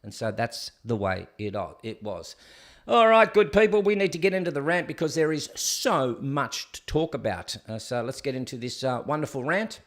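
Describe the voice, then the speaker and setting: A man's voice: medium pitch, expressive, moderate pace, few pauses. A man, hosting a live show and telling stories in a rambling, conversational way full of fillers. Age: 60s. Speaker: podcast host. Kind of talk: live casual chat and rant.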